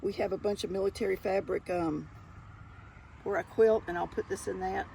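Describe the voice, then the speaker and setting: An older Southern woman with a gravelly, creaky edge to her voice talks viewers through her yard sale finds. She is chatty and folksy and keeps calling her audience y'all in a relaxed show-and-tell haul. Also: medium pitch, moderate pace, slight background noise, low-quality recording. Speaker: thrift haul vlogger.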